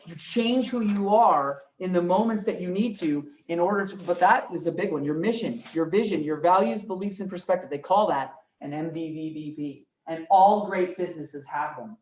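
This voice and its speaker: Energetic man teaching a class, far mic. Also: high-pitched, moderate pace, hardly any pauses. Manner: energetic, quizzes the class often. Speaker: real estate trainer. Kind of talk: live classroom training talk. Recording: roomy room, mic from far off, faint noise.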